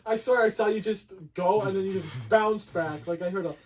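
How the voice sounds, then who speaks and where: Young male co-host, high and bouncy voice, playful and jokey, audible background noise. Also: moderate pace. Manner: playful, laughs a lot, jokey outbursts. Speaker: podcast co-host. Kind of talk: casual chat.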